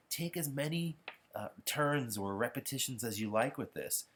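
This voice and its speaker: A man giving a patient, explanatory pronunciation lesson while walking through practice software. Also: medium pitch. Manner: patient, explanatory, self-correcting. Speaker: pronunciation instructor. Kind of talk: software demonstration tutorial.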